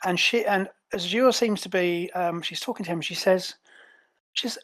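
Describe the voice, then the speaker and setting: A man narrating as game master in a relaxed way with many fillers. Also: sits high, moderate pace, dry recording.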